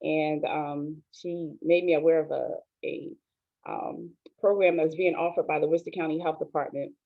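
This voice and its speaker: A woman in her forties, a pastor, telling her own story in a soft, hesitant, earnest way, with many pauses and ums. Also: low-pitched, steady tone. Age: 40s. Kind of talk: personal testimony on an online show. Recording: tinny phone-like line, dry.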